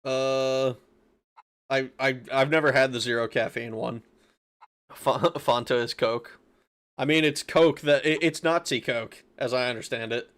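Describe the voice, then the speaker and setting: A man streams a game and chats casually with his viewers, reading their messages aloud, laughing, swearing and often restarting. His medium-pitched voice is clean, a bit bright and steady, at a normal speed.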